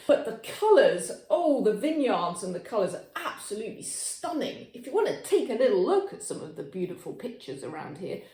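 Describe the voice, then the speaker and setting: A woman's voice: sits high, a little mellow. A woman from Devon hosting a cooking vlog from her home kitchen, chatty and playful, rambling off topic as she talks. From Devon, England. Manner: rambling, playful, self-described natterer. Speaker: cooking channel host. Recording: echoey kitchen.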